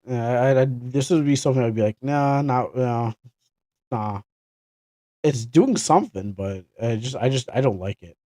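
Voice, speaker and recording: A man's voice: mid-range voice, expressive, fairly quick, hardly any pauses, mellow, no echo. Young canadian man, game streamer, rambling casual chat, dry close sound. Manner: rambling, self-correcting, chuckling asides. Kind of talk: casual livestream commentary.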